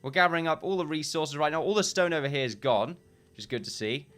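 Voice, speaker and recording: A man's voice: a little high, animated, quick pace, a bit bright, soft background music. Rambling man narrating a game. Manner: rambling, self-correcting, chuckling often. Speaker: gameplay commentator. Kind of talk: casual game commentary.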